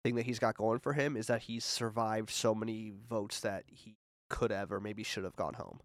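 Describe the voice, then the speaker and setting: A man co-hosting a podcast in casual chat, easygoing and quick to laugh. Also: fairly low pitch, steady tone, no room sound, studio quality. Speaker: podcast co-host.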